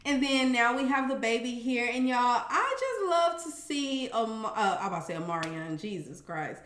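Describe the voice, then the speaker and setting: A woman casually recapping a reality show, animated and profane, with sassy commentary and acted-out quotes. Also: a little high, normal speed, echoey room.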